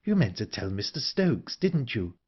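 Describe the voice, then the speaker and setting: A man's voice: mid-range voice, very animated, moderate pace, breathy edge, highs cut off. A man voicing an earnest, anxious young woman in an audiobook, urgent and pleading. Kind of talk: audiobook character reading.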